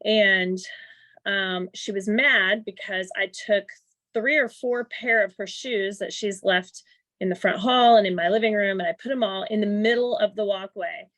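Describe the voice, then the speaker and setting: A woman's voice: mid-range voice, moderate pace, a bit bright, dry recording. A middle-aged woman in an online workshop, candidly telling a personal story and reflecting on it. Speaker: workshop participant. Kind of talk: personal story in a group chat. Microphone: video call.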